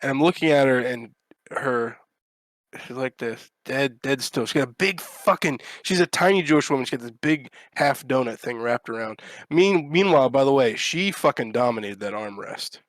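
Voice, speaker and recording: Profane, animated man telling a story. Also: medium pitch, normal speed, no echo. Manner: animated, profane, acts out quotes. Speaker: podcast co-host. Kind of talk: casual storytelling chat.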